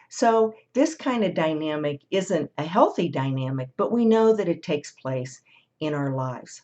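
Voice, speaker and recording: A woman with a low voice leads a gentle, reflective talk, coaxing listeners to turn inward and listen to themselves. She now and then voices the thoughts she quotes. The recording is dull and a little lo-fi. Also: lively intonation, moderate pace. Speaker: host of a guided listening series. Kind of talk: guided self-reflection talk.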